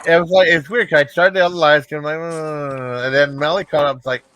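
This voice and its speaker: A man's voice: on the high side, rapid-fire, fairly bright tone, a little hiss or hum. A man chatting casually on a live stream, upbeat and rambling with lots of fillers. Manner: rambling, upbeat, many fillers like "you know" and "I mean". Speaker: livestream host.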